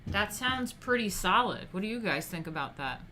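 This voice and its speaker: A woman's voice: mid-range voice, lively intonation, moderate pace, pushed and bright, slight background noise. A woman hosting a casual livestream, reading etiquette passages aloud and breaking off into blunt, profane asides to her viewers.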